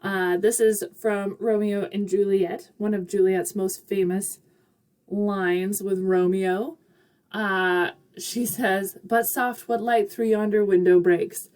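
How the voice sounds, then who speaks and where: A woman's voice: mid-range voice, level tone, slow pace, a little mellow. A woman teaching a recorded literature lecture in a chatty, upbeat way, with casual asides and frequent fillers. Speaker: literature instructor.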